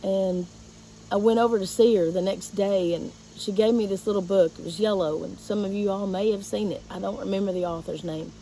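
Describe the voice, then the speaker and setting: A woman, a teacher, telling a painful personal story to her viewers in a halting, emotional way. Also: mid-range voice, steady tone, warm tone, a little hiss or hum, poor audio.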